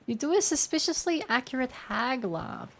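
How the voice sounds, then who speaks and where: A streamer in her twenties plays a game and reads chat, talking to viewers in a casual, playful way, giggling and thinking out loud. She has a high-pitched, expressive voice with a fairly bright tone and speaks at normal speed.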